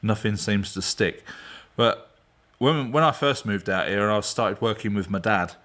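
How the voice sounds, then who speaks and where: A man's voice: on the low side, moderate pace, fairly bright tone. A man hosting a casual live stream from his home garage, rambling and laughing as he talks. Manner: rambling, chatty, laughs often. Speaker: garage channel host.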